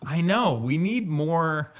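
Guy in his late 20s, playful joking podcast chat, kinda high voice. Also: lively intonation, slow pace. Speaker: podcast co-host. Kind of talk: casual chat.

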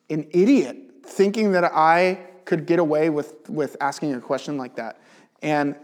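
A man teaching in a casual, animated way, telling a personal testimony and leaning heavily on "like". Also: fairly high pitch. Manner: animated storyteller, chatty with many "like" fillers. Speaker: Bible teacher.

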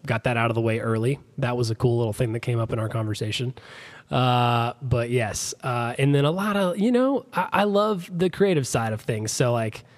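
A man's voice: mid-range voice, expressive. Rambling young man on a podcast. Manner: rambling, self-deprecating, quick asides. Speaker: podcast guest, groom. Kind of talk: casual podcast chat.

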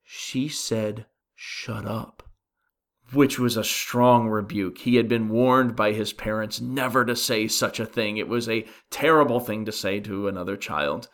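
A pastor gives an earnest, conversational sermon on a Bible passage, putting rhetorical questions to his listeners and frequently restarting sentences as he thinks aloud. His voice is on the low side and a bit bright, with fairly even intonation, normal speed, and hardly any pauses.

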